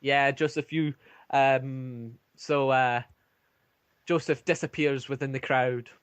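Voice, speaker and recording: Slow, hesitant male game master. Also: mid-range voice, steady tone, clear, resonant tone, dry recording. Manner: hesitant, many ums. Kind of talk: narrating a tabletop game.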